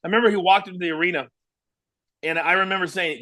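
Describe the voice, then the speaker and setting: Talking fast with frequent pauses, this high-voiced former wrestling broadcaster from Kansas recounts stories in a casual interview. He brings the quotes to life as an animated storyteller.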